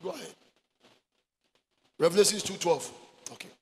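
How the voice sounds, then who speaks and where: Gravelly-voiced preacher in a hall. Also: male voice, sits high, sing-song, moderate pace. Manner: switches between Twi and English, shouts for emphasis. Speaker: pastor. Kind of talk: sermon. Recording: echoey hall with faint noise.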